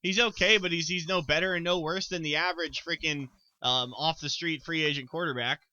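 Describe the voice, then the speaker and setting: A man's voice: fairly high pitch, steady tone, brisk, bright, forceful tone, no room sound. A man co-hosting a casual sports podcast, rambling with stammered restarts and frequent ums. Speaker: podcast co-host.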